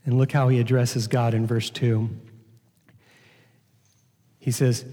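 A man preaching a sermon, teaching from a Bible passage in a slow, earnest way with repeated words. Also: medium pitch, flat delivery, warm tone. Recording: long hall reverb.

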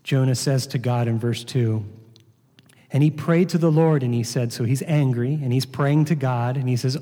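A man preaching a sermon, teaching from a Bible passage in a slow, earnest way with repeated words. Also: mid-range voice, warm tone. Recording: long hall reverb.

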